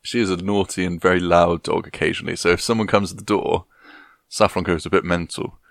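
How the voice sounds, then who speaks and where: A man's voice: deep voice, fairly even intonation, creaky, dry recording. A man, co-hosting a casual podcast chat with dry, rambling jokes. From England. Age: 20s. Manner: dry, joking, slow and rambling. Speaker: podcast co-host.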